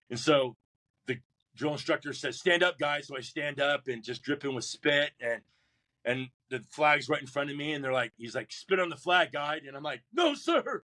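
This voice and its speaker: A man telling a long personal story in a podcast interview, acting out the voices of others, often restarting his sentences. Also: mid-range voice. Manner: animated storyteller who acts out drill instructors and shouts his own replies; many restarts and repeated words. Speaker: guest, Marine veteran.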